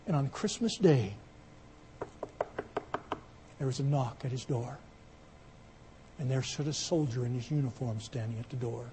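A man preaching a sermon, telling an illustration story and building it into loud, emphatic appeals. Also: mid-range voice, measured pace, pauses often, background noise.

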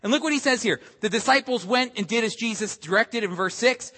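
A man preaching a sermon as pastor, animated and emphatic, acting out quotes as he goes. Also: very high-pitched, fairly quick. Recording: long hall reverb.

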